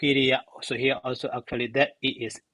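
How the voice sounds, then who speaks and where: A man giving a spoken grammar lesson, slow and halting, sounding out syllables one by one. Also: mid-range voice, level tone, pushed and bright, no room sound, poor audio. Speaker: monk teaching grammar.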